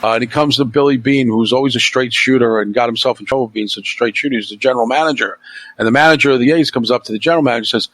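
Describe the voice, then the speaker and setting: A man's voice: mid-range voice, rapid-fire, a bit bright, rough recording. A middle-aged man hosting a podcast in casual chat, blunt and opinionated, swearing freely. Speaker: podcast host.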